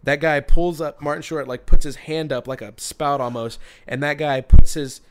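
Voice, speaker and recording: A man's voice: fairly high pitch, steady tone, normal speed, clear, resonant tone. A man on a podcast telling a story in casual chat, rambling with many restarts and bursts of laughter.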